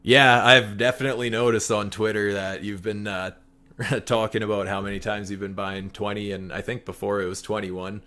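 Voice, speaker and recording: Host, male, low voice, easygoing chart chat with lots of ums and laughs. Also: moderate pace. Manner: relaxed, laughs often, many fillers. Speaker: livestream host. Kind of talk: casual trading chat.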